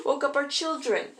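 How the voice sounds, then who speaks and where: A woman voicing a fiery young mother who yells at a friend. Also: high voice, pitched above the performer's own voice, exaggerated voice. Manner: yelling. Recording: echoey room.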